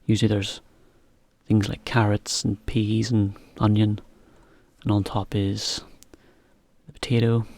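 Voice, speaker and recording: A man teaching to learners, talking in a relaxed, chatty way with a laugh now and then. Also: on the low side, a little slow, pauses often, no echo. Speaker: English teacher. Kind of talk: slow, clear explanation for learners.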